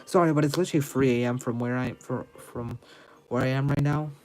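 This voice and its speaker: A man's voice: medium pitch, steady tone, brisk, a little mellow. A tired young man doing casual let's play commentary, reacting bluntly and swearing often. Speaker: gamer.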